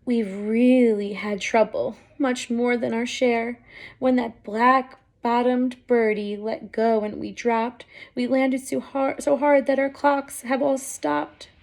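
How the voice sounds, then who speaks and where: A woman's voice: on the high side, steady tone, takes it slowly, creaky, a little mellow. A woman voicing a harried male mayor of a tiny town in a storybook read-aloud, rattling off his troubles. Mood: rattled.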